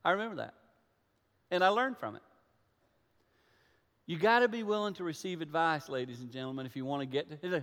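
A man preaching a sermon from a church stage, telling stories and acting out conversations, dropping to a hush and then rising to loud emphasis. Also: fairly high pitch, expressive, brisk, pauses often. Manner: storytelling, acts out dialogue, swings from hushed to loud. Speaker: pastor. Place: church sanctuary. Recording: reverberant hall.

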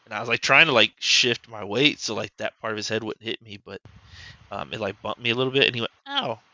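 Here a man hosting a podcast talks quickly in a lowish voice that comes across pushed and bright. In a loose, rambling way full of "like," he relates a story from his experience as a father. The audio sounds dull, with no echo.

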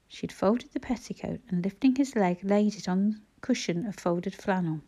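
A woman reading a children's story aloud in a measured storytelling manner. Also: mid-range voice, warm tone, husky. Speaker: audiobook narrator.

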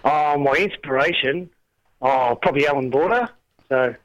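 A middle-aged man calling in by phone, joking in a laid-back, deadpan way. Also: a little high, normal speed, dull audio. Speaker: caller, guest's father.

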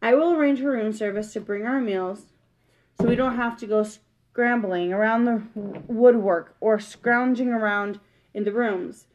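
A woman's voice: on the high side, a little slow, muffled recording, natural voice. A woman reading aloud, voicing a bold young boy mouse in a storybook, earnest and self-assured.

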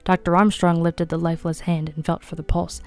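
Woman narrator, fairly low and smooth, measured reading, faint music behind. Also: little pitch movement. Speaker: audiobook reader. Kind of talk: reading a mystery novel aloud.

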